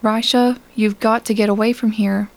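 A woman's voice: a little high, little pitch movement, normal speed, natural voice. Woman reading an earnest young Earth man. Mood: concerned. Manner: earnest, persuasive. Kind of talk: audiobook character reading.

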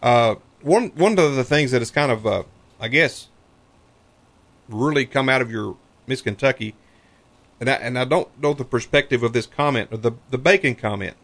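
Male talk-radio host, creaky voice, stumbling casual delivery. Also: medium pitch, fairly bright tone. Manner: halting, repeats words, many fillers.

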